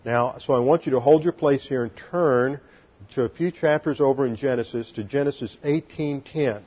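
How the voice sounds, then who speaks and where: A man's voice: medium pitch, normal speed, breathy edge, highs cut off. A man teaching a sermon as pastor, explaining Hebrew grammar step by step and spelling out letters.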